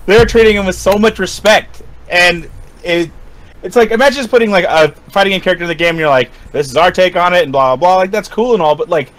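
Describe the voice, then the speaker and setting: A man co-hosting a casual gaming podcast, excitable and laughing often as he acts out quotes. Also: high-pitched, fast talker. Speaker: podcast co-host.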